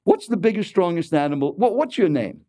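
A man voicing a blunt, health-obsessed airline seatmate who sounds annoyed and scornful without getting loud. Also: sits high, animated, brisk, no echo, clean studio sound, voice pushed up. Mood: lecturing.

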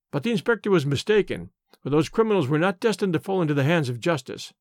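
A man narrating an audiobook in the first person, clear and expressive. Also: fairly high pitch, fast, dry recording, clean studio sound.

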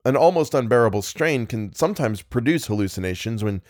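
A man voicing a cordial, brisk gentleman who reassures an old friend. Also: medium pitch, expressive, no room sound, studio quality, lightly acted. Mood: reassuring. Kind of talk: audiobook character voice.

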